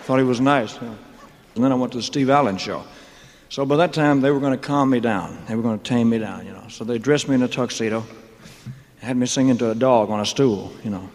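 A man's voice: mid-range voice, fast, darkish tone. A man in his thirties, a singer, telling his career story on stage in a loose, joking, rambling way, full of "man" and "you know". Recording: long hall reverb.

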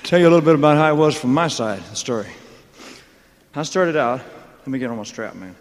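A man's voice: mid-range voice, lively intonation, fast, slight background noise. A man telling stories on a concert stage in a rambling, joking way, with laughing asides. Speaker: stage performer. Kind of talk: onstage storytelling monologue. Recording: live concert hall reverb.

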